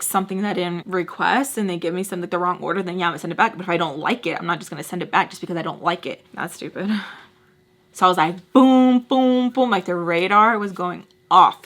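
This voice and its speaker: An adult beauty vlogger with a son and husband tells her viewers a story in a casual storytime rant. Her voice is bright and forceful yet lowish, and she's chatty and animated, saying "like" constantly and mimicking the voices of the people she quotes.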